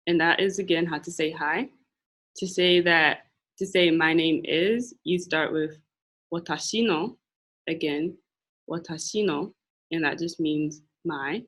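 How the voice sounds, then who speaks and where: Patient young woman teaching slowly. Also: sits low. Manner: slow, patient, repeats phrases for learners. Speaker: language and culture presenter. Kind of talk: classroom teaching.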